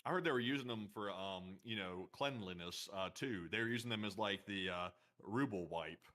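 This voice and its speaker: A man co-hosting a news stream, chatting in a laid-back, joking way with halting fillers. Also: lowish voice, bright, forceful tone. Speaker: co-host. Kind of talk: casual chat.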